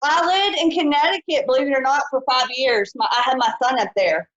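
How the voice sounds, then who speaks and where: Woman psychic host, high and chatty, muffled live-stream sound. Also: a little fast, a bit bright. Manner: chatty, folksy, says honey and y'all. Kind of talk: live-stream call-in show.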